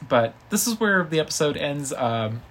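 A man's voice: a little high, sing-song, moderate pace, fairly bright tone. A man co-hosting a casual podcast, chatting and leaning on fillers like "um" and "like.". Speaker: podcast co-host. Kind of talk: casual chat.

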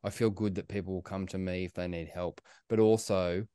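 Joking Australian man, smooth dry voice. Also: deep voice, fairly even intonation, fairly quick, dark tone, no echo. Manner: candid, sweary, jokey. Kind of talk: casual podcast chat.

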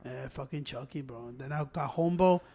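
A man telling a story in casual chat, profane and animated, with slangy asides. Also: mid-range voice, a little fast.

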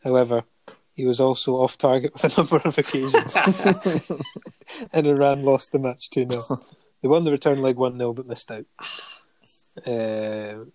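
Mellow-voiced man reading a stats list. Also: medium pitch, normal speed, pauses often. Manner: listing facts steadily with many ums and chuckles. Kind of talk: casual chat, reading out a football player's honours.

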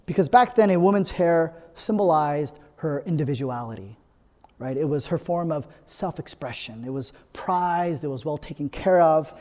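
A male pastor with a fairly high, darkish voice preaches at a moderate pace with lively intonation, a long reverb tail behind him. Conversational and earnest, he keeps asking "right?" and builds toward emphatic, repeated phrases.

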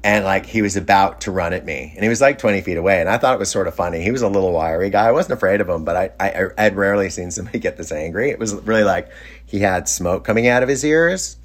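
A man's voice: low-pitched, fast talker. A middle-aged man telling a personal story in a casual, rambling way, often restarting his sentences and sounding amused. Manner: rambling, self-interrupting, amused. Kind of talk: casual anecdote.

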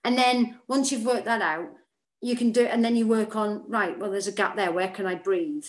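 An actress chats freely as an interview guest, her voice at a middling pitch. She talks in quick, animated bursts and keeps restarting sentences. The room around her has a noticeable echo. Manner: chatty, animated, frequent restarts. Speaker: actor, podcast guest. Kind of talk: casual interview chat. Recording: roomy echo.

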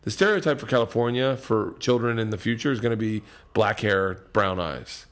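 A man's voice: fairly low pitch, fairly quick, a bit bright. A man talking as a podcast guest in casual chat, profane and thinking aloud as he goes.

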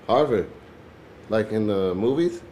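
A man with a fairly low voice co-hosting a casual podcast. He interjects with wisecracks, teasing questions and dry asides. Faint background noise runs under the talk. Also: expressive, measured pace, darkish tone. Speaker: podcast co-host. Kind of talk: casual chat.

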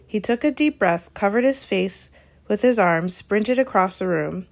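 Woman, audiobook narration, steady, unhurried, mid pitch, small self-corrections. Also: gravelly. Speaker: reader. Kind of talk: reading a novel aloud.

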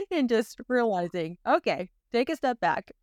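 A woman hosting a podcast, chatting casually, agreeing quickly and laughing along with her guest. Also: fairly high pitch, sing-song, a little mellow, no room sound, studio quality. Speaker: podcast host. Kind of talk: casual interview chat.

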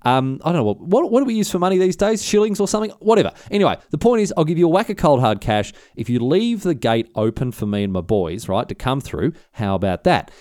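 A man's voice: a little high, big pitch swings, fast talker, few pauses, darkish tone, dry recording, clean studio sound. A man voicing a smug, scheming medieval English earl who talks in brash slang. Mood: cocky. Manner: blokey and cocky, slangy.

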